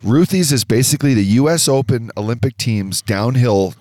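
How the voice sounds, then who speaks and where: A man co-hosting a casual podcast, telling a story in an animated way, swearing and acting out the voices of other people. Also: medium pitch, normal speed. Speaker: podcast co-host.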